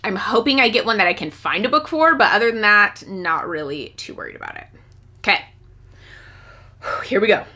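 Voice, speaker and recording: A young woman chatting excitedly as a book vlogger, bubbly and talkative, now and then squealing with delight. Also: medium pitch, moderate pace. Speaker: book YouTuber. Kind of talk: casual vlog chat.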